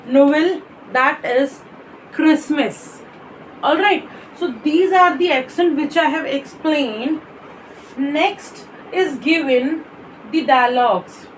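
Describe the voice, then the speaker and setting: A woman's voice: high-pitched, far from the mic, a little hiss or hum, rough recording. A woman teaching a beginners' French lesson, explaining patiently and repeating each word, with small slips in her English.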